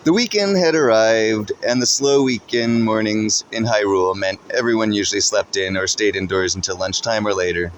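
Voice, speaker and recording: Low-voiced man reading a story. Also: moderate pace, hardly any pauses, slight background noise. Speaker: narrator. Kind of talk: second-person story reading.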